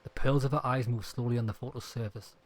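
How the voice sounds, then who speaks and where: A man's voice: mid-range voice, fairly even intonation, fast talker, a little mellow. A man hosting a gaming channel, reading the game's dialogue aloud in a casual way while playing. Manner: casual, swears at in-game failures.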